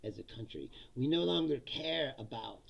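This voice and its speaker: This political comedy host rants sarcastically and swears a lot as he reads chat comments in a laid-back livestream. He has a gravelly, mid-range, expressive voice at normal speed, and the audio sounds dull.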